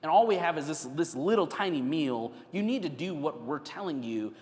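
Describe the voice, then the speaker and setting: Preacher doing fed-up young disciples, higher and louder, whiny, echoey church hall. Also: male voice, animated, moderate pace, close to an everyday voice. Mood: whiny, frustrated. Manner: whiny, pushy complaining. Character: frustrated tired young male disciples.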